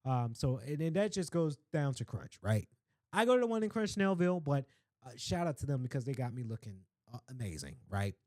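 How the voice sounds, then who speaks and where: A young man hosting a podcast, telling a travel story in a rambling, chatty way full of asides and shout-outs. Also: medium pitch, sing-song, fairly quick, no room sound. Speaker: podcast host. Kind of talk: casual chat.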